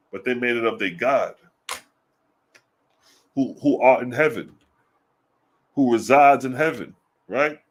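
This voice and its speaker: Guy doing casual religious commentary, blunt and cussing, lots of rhetorical questions, reads scripture slow. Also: medium pitch, a bit bright. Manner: reads scripture slowly and deliberately.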